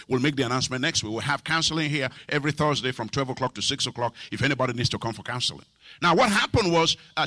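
A middle-aged male pastor preaching a sermon, animated, shouting and half-singing some phrases and dropping to quiet low asides. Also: no room sound, studio quality.

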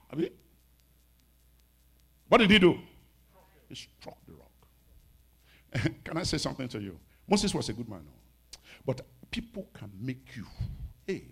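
A man in his fifties preaching a sermon as pastor, animated, with sudden shouts and soft asides. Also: medium pitch, slightly rough. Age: 50s.

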